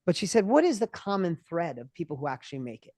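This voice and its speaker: A man in his fifties, a guest entrepreneur in an interview, talking with passion and often restarting his words when excited. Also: a little high, dry recording, clean studio sound. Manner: passionate, acts out other people's voices in quick bursts. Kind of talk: energetic interview conversation.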